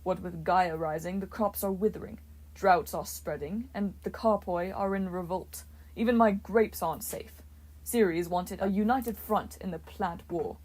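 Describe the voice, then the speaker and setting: A woman voicing a grumpy male wine god who talks in a slow, lazy drawl. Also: fairly low pitch, darkish tone.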